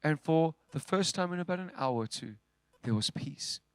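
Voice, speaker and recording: Animated high-voiced male preacher. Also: normal speed, no room sound. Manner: animated storyteller, swings from loud to hushed. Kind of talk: sermon storytelling. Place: church.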